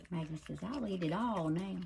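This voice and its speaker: A woman's voice: fairly low pitch, gravelly, darkish tone, a little hiss or hum. A woman filming at home with a phone camera, coaxing and scolding her dogs in pet-talk. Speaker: dog owner filming her pets. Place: home indoors.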